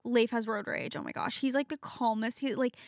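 A woman's voice: fairly high pitch, steady tone, fairly quick, creaky, dry recording, studio quality. A young woman chatting as a podcast guest, telling stories in a chatty way full of "like". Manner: chatty, storytelling with lots of "like". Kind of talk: casual chat.

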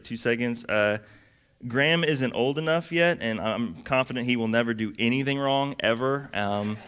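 Casual young pastor preaching. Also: male voice, medium pitch, fairly bright tone, smooth. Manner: casual, conversational, with lots of "like" fillers. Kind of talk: sermon.

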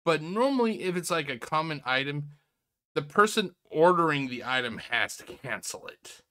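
Incredulous man with a lively, bright voice. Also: on the high side, normal speed, clear, resonant tone. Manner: incredulous, sarcastic, swears a lot, many restarts. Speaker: reaction video host. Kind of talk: mocking commentary on a clip.

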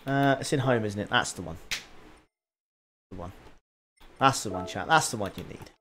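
A man streaming a racing game, chatting casually with viewers, excitable and jokey with plenty of swearing. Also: on the low side, moderate pace, background noise. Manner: excitable, joking, swears freely. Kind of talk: casual live-stream commentary.

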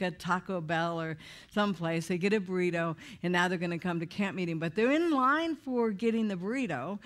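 Woman preacher, middle-aged, storytelling sermon, animated, acts out voices. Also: medium pitch. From Idaho. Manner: lively storyteller, acts out quoted voices, laughs often. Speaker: speaker at a church meeting.

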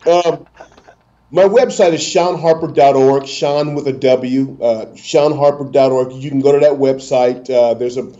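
A middle-aged man with a lifelong stutter, telling his story as a motivational speaker guest, with halting restarts. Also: medium pitch, warm tone. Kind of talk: storytelling interview answer. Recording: dull lo-fi audio.

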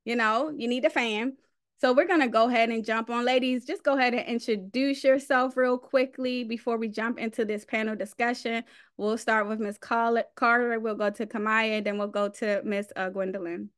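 A woman from North Carolina hosts a panel, cheering her guests on with lively interjections. Her voice sits fairly high. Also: normal speed. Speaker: panel moderator. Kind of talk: hosting a panel.

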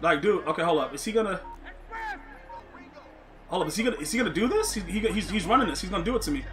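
A man giving casual, slangy live commentary on a football video game, excitable, laughing often and talking to his chat. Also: sits high, quick pace, soft background music. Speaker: gaming streamer.

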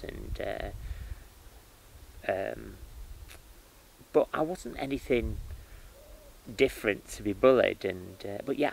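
A man who works as a spiritual medium, telling his life story in an interview with lively starts and restarts. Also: fairly low pitch, creaky, rough recording. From United Kingdom. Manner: animated storytelling with many restarts and fillers.

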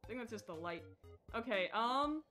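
A young woman streaming a game live, chatting casually with her viewers and getting excitable. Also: on the high side, moderate pace. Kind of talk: casual live-stream chat while playing. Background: faint background music.

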